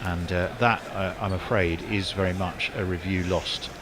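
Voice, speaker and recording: Low-ish guy calling cricket ball by ball, chatty and wry, noisy background. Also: fairly even intonation, normal speed. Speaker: cricket commentator. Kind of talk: ball-by-ball radio commentary.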